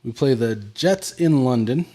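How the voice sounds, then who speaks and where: A man with an ordinary mid-range voice co-hosts a casual live show. He talks in a steady, matter-of-fact way, dropping dry remarks now and then. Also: medium pitch, measured pace. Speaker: podcast co-host. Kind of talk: casual chat on a live sports and bourbon show.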